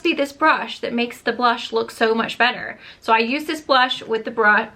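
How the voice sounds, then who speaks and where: A chatty young woman talking through her favorite makeup in a relaxed, gushing way. She fills her sentences with "like" and "um", and her voice sounds a bit worn from losing it. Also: fairly high pitch, normal speed. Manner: chatty, gushing, many fillers like "like" and "um". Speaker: beauty vlogger. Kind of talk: casual makeup review chat.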